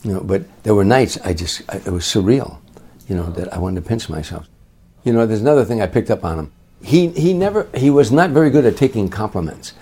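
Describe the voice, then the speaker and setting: An older man, a comedian and guest, telling a long anecdote in a lively way, acting out the voices of the people in it. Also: lowish voice, fairly quick, slightly rough. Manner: lively storyteller who acts out other people's voices. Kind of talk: anecdotal storytelling.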